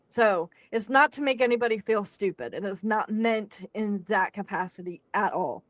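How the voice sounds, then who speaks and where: Telling a story on her podcast, a young adult woman keeps things casual and lively, acting out what people said and laughing along. She speaks at normal speed in a medium pitch, with no room sound in the recording.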